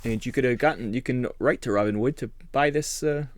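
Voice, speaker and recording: A man's voice: medium pitch, brisk, no echo. Male podcast co-host, dry quips, very dead close mic. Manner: dry, wisecracking remarks. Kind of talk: casual podcast chat.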